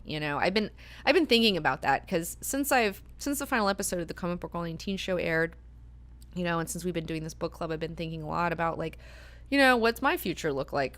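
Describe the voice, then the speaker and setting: A woman's voice: low voice, fairly bright tone. A woman hosting a book club discussion, talking casually with many fillers and frequent swearing. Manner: chatty, filler-heavy, swears freely.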